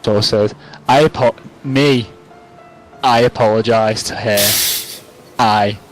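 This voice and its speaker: A man's voice: on the low side, steady tone, slow, faint music behind, low-quality recording. Tipsy, rambling young man. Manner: rambling, self-mocking, swears a lot. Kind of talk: casual storytelling to camera.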